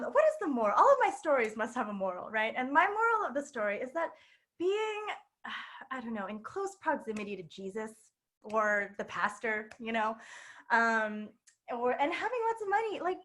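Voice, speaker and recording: Chatty high-voiced woman telling a story. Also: a bit bright. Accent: New York. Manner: chatty, laughing, lots of fillers. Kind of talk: live personal storytelling. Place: queer bookstore event space.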